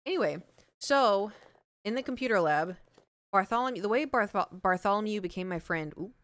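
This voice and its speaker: A woman's voice: medium pitch, expressive, brisk, fairly bright tone, no room sound. A young adult woman streaming live, chatting casually in a rambling, self-deprecating way with lots of fillers and laughs, close on a large studio mic. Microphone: large studio microphone.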